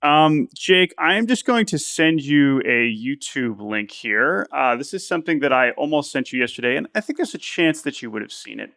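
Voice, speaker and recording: A man's voice: medium pitch, moderate pace, hardly any pauses, no echo. Chatty male podcast co-host, dry sound. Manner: animated, laughs often, repeats words while thinking. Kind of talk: casual sports podcast chat.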